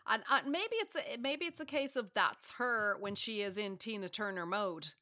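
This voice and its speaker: Bright-voiced, emphatic woman co-host. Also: mid-range voice, expressive, moderate pace. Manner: emphatic and exclamatory. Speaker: podcast co-host. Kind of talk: casual film discussion.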